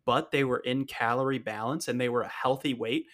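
A young man talking through a fitness podcast in a mid-pitched voice, casual and blunt. He gets worked up and swears as he makes his case, with his speed running fast and slow. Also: fairly even intonation, a bit bright. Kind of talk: casual chat.

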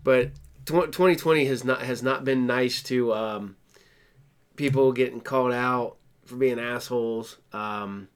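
A man's voice: medium pitch, measured pace, clean tone. A man co-hosting a casual podcast chat, rambling with many restarts and crude jokes. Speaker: podcast co-host.

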